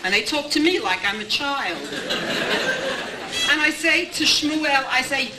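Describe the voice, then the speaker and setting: Older woman, grandmother giving a chatty anecdotal celebration speech; slightly high voice, recorded from a distance in an echoey room with background noise. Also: animated, unhurried, over a noisy crowd. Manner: chatty storyteller, repeats "I says", many restarts.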